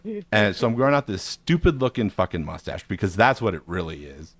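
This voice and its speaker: A man's voice: fairly low pitch, sing-song, a little fast, no echo. Rambling, profane man in his forties. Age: 40s. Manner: rambling, profane, self-mocking. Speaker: podcast co-host. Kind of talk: casual storytelling.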